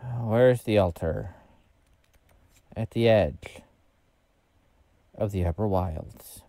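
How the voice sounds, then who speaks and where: A man streams a game and chats to his viewers in a low, mellow voice. He rambles and thinks aloud, filling pauses with ums. The sound is close and dry, with no room around it. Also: creaky, no echo. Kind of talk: casual gameplay commentary.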